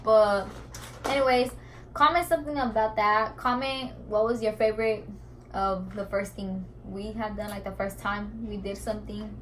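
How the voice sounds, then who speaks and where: A woman's voice: a little high, fairly bright tone, poor audio. A young woman hosting her channel in a laid-back, slangy, chatty way. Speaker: channel host. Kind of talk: casual chat. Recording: faint background noise.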